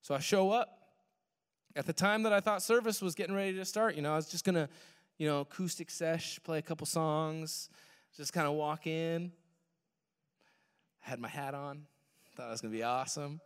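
A young man telling a personal story in a sermon, animated, swinging from loud to hushed. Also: a little high, moderate pace, pauses often, smooth. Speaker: worship pastor. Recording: long hall reverb.

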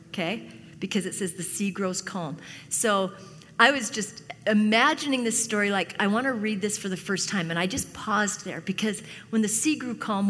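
A woman preaches a sermon at a middle pitch, telling a story with animated asides and voicing the characters in quick bursts. Her voice carries a long reverb, as if heard across a large church hall. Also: a little hiss or hum. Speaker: pastor.

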